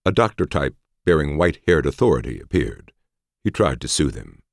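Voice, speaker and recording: A man reads a novel aloud in a measured, expressive way. His voice sits extremely low and moves with a very animated pitch range. The recording is dry and close, with no room sound. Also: creaky, dry recording. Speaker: narrator. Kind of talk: audiobook narration.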